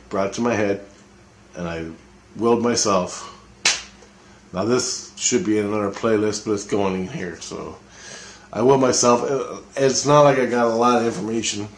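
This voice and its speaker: Recounting his own experience in a loose spoken monologue, a man with a fairly low voice comes across intense, profane, and prone to repeating himself. The room echoes, and there's a little hiss or hum in the background.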